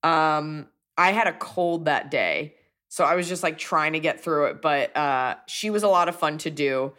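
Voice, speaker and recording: Woman host, low voice, chatty and animated, casual podcast talk. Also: unhurried. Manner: chatty, animated, self-deprecating. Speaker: comedian host. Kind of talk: podcast ad read and casual chat.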